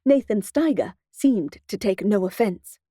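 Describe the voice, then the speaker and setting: Wry woman narrator for a first-person audiobook, mellow tone, dead-dry booth sound. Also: mid-range voice, expressive, unhurried, no echo.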